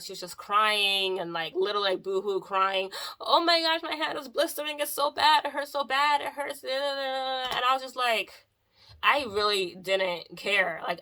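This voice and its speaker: For a casual storytime vlog, a woman who works as a mobile hairstylist tells a client story with a sharp tone and medium pitch. She sounds exasperated and chatty and keeps saying "like."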